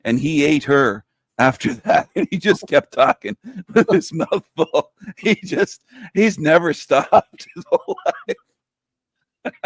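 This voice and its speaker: Slow, giggly teasing man. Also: on the high side, very animated, no echo. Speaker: panelist. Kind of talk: casual live-stream banter.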